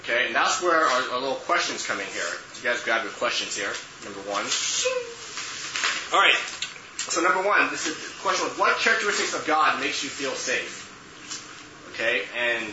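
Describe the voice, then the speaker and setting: A man leading a youth group lesson in casual teaching talk, often checking in with "okay" and "right". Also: mid-range voice. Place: room with a group. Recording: echoey room, muffled, noisy.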